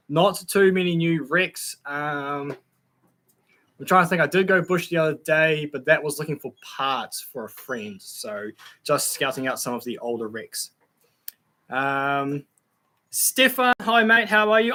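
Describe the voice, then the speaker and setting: A man's voice: a little high, pushed and bright. A young Australian man hosting a casual live stream, chatting in a friendly way with many fillers and greeting viewers by name. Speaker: YouTube channel host reading live chat.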